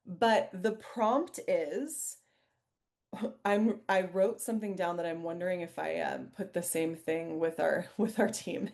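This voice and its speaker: A woman's voice: fairly low pitch, slow pace, creaky, a little mellow. A woman somatic practitioner and coach leading a live online workshop over a video call, reading the chat aloud and laughing lightly as she guides reflection.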